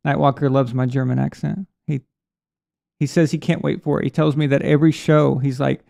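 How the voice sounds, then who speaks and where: A man's voice: medium pitch, fairly even intonation, fairly quick, gravelly, dark tone. A man hosting a live sports stream in a casual, rambling way, reading out viewer messages. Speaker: sports show host.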